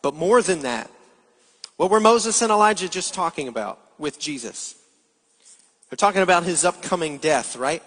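A man's voice: a little high, lively intonation, moderate pace, a bit bright. A man giving a sermon as pastor, explaining scripture and asking his listeners rhetorical questions. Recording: long hall reverb.

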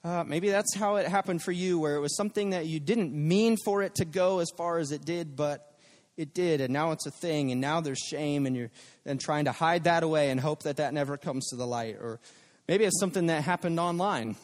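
Male pastor, slightly high voice, casual conversational preaching, long hall reverb. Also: fairly quick. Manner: conversational preaching with acted-out quotes. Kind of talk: sermon.

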